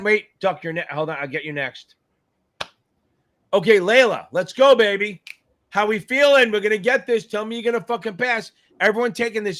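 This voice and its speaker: A man hosting a live exam-prep Q&A stream, chatting casually, swearing freely, hyping up viewers and thinking aloud as he reads comments. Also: on the high side. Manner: animated, profane, hypes up viewers; scattered, thinks aloud while reading comments. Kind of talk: casual livestream chat.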